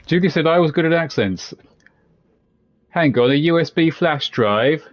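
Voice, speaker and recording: This man's voice sits on the higher side, animated but unhurried. He's a game streamer doing casual let's-play commentary, joking and wandering off into asides as he plays.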